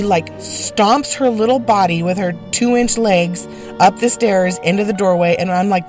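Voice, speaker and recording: A woman retelling a family moment in a lively, wry, animated way, acting out everyone's lines. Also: medium pitch, normal speed, faint music behind. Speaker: sister of the storyteller. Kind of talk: personal storytelling.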